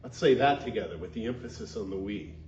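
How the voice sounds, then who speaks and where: A man's voice: fairly low pitch, animated, fast talker, over a noisy crowd. A male minister preaching a sermon in an earnest way, leading the congregation in call-and-response. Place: church sanctuary. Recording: dull echoey sanctuary recording.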